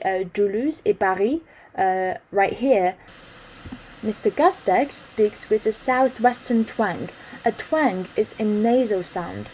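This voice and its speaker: A woman's voice: mid-range voice, a little mellow, slight background noise, poor audio. A woman hosting a language lesson, explaining an article in an explanatory way and slipping into French with ease. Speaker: host explaining news articles.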